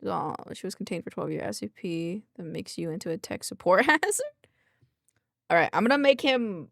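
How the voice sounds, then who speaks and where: A woman's voice: on the low side, animated, normal speed, creaky, fairly bright tone, no room sound. A woman streamer reading a document aloud with chatty, thinking-aloud asides into a close desk microphone. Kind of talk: reading aloud with casual commentary.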